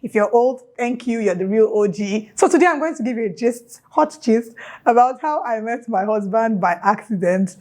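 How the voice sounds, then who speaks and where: A young woman with a Nigerian accent recounts a story on her vlog. Her delivery is casual and animated, and she keeps dropping playful local asides into the telling. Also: on the high side, moderate pace. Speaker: YouTuber.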